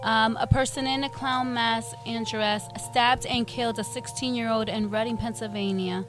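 A woman's voice: fairly high pitch, steady tone, normal speed, over music. A woman co-hosting a podcast, reading news items aloud and making sassy, blunt remarks. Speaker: podcast co-host.

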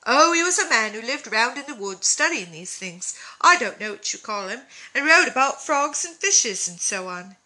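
A woman voicing an eager, shy boy with rough country speech, in a storybook reading. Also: a little high, sing-song, normal speed, few pauses, sharp tone, full character voice, poor audio. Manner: rustic dropped words, eager.

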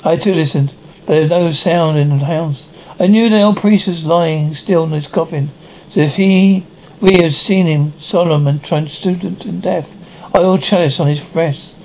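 Brief: male audiobook narrator, gravelly and a touch high, stumbling reading; dull, faintly noisy recording. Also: a little mellow. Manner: halting, with frequent restarts. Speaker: audiobook reader. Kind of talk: storybook narration.

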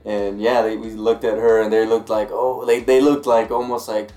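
A man telling a story in a casual podcast chat, calm and halting, with many restarts. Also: fairly low pitch, soft background music. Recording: roomy, echoey room.

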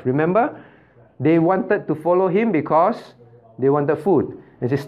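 A man's voice: on the high side, animated, normal speed, muffled recording. A man, a pastor, teaching a Bible study class, constantly asking his listeners questions, checking with "right?" and chuckling as he explains. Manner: chuckles often while explaining.

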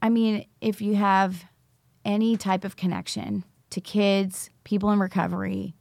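A woman's voice: mid-range voice, unhurried, gravelly, a little mellow, dry recording, studio quality. A middle-aged woman, a teacher, telling her story in an interview and acting out the dialogue as she goes. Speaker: teacher, recovery school founder.

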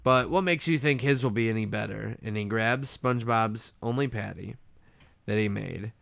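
A man co-hosting a podcast, casually retelling a cartoon episode with animated play-by-play. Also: fairly low pitch, normal speed, creaky, no echo, studio quality. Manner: animated storyteller, acts out lines, laughs. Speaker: podcast co-host recapping a cartoon. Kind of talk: casual chat.

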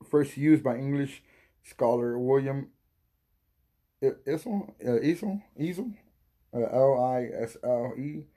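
A man with a husky, breathy voice talks in a loose, rambling podcast monologue. He swears freely, loses his train of thought, and coughs while high from smoking. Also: warm tone. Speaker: podcast host. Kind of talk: casual stoned monologue.

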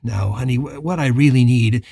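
A grieving man forcing himself to sound strong, his halting words snagging now and then, as the narrator reads him. The voice is mellow and a little husky, with no echo behind it. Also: mid-range voice, studio quality, voice pushed down. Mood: strained. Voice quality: strained, halting. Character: grieving man putting on a brave face.

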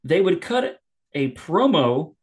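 A man co-hosting a podcast, recapping an old match in a relaxed, amused way. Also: fairly high pitch, slow pace. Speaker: podcast co-host. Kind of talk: casual commentary.

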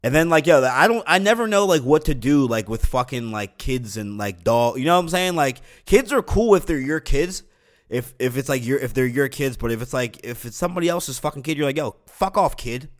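A man's voice: medium pitch, lively intonation, a little fast. A young man hosting a podcast alone, rambling casually with lots of fillers, restarts and swearing. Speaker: podcast host. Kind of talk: casual solo podcast rant.

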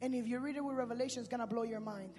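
High-voiced preacher shouting in a reverberant hall. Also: male voice, racing, over music. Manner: swings between shouting and hushed speech; street-slang preaching. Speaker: pastor. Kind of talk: sermon. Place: church sanctuary.

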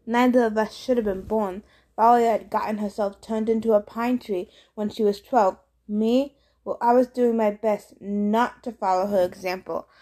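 A woman's voice: mid-range voice, steady tone, moderate pace, dark tone. A woman reading a first-person story aloud in a wry, conversational way. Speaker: audiobook reader.

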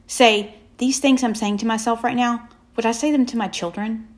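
A woman delivers a faith-based motivational message in a slightly high voice. She leans on emphatic, repeated affirmations and slows down with deliberate pauses to let each point land. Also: steady tone. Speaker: motivational speaker.

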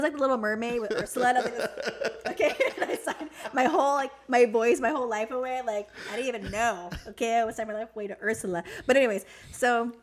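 A woman, an interview guest, telling her personal story in casual conversation, animated, saying "like" a lot and acting out what others said. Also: mid-range voice.

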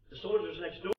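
A male pastor preaching a sermon in an animated way, acting out the voices in a scripture story. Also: sits high, echoey room, far from the mic, narrow, tinny audio. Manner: animated, acts out scripture dialogue.

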